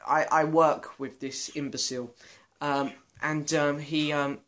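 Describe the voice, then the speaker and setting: A man's voice: on the high side, fairly even intonation, measured pace, fairly bright tone. A young British man answering viewer questions in a casual, self-mocking vlog. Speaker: vlogger. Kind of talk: casual Q and A chat.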